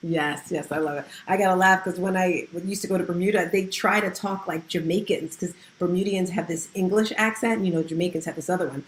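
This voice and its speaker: A woman's voice: on the low side, fairly quick, hardly any pauses, echoey room. A woman hosting a casual online audio room, upbeat and chatty, laughing often. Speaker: host.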